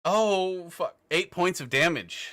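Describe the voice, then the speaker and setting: Bright-voiced young game master. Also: male voice, high-pitched, expressive, slow pace. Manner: laughing often, hesitant fillers. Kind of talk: narrating a tabletop game.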